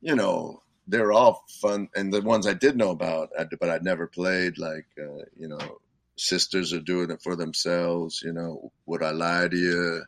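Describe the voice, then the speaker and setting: An older man, a musician guest, telling rambling stories in casual talk, full of "you know" and quick laughs. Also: low voice, steady tone, vocal fry, fairly bright tone, no room sound. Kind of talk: casual storytelling.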